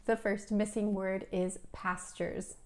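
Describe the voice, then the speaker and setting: A woman from Alabama teaching English, explaining clearly and steadily to viewers. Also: medium pitch, level tone, takes it slowly, darkish tone.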